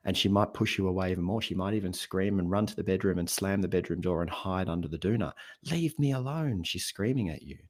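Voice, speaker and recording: Deep, husky-voiced man; lively podcast guest who plays out dialogue. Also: fast, hardly any pauses. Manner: animated storyteller, acts out quoted voices. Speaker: podcast guest, habits coach. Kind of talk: casual podcast conversation.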